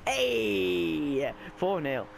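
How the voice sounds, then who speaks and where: A young man giving live, excitable commentary on his own gameplay, often shouting and squealing as his voice cracks high. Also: extremely slow, creaky, a little hiss or hum. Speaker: gaming YouTuber.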